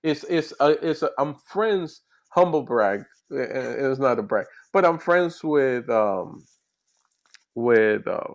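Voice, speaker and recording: A man, a comedian, chatting casually in an interview over a video call, animated and rambling with restarts. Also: medium pitch, slow. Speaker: comedian guest.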